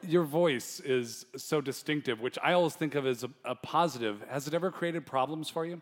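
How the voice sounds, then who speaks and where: A man hosting a talk show, asking quick, conversational questions. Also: a little high, long reverb tail. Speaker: host.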